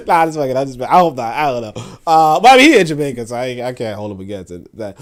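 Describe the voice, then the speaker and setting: A man's voice: mid-range voice, very animated, fast talker, few pauses. Slangy rambling man hosting a livestream. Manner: rambling, slangy, many fillers and laughs. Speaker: host. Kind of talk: casual livestream chat.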